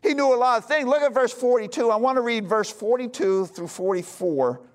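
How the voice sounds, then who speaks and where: A male pastor preaching a sermon with emphasis, swinging between loud bursts and hushed lines. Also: very high voice, fairly quick.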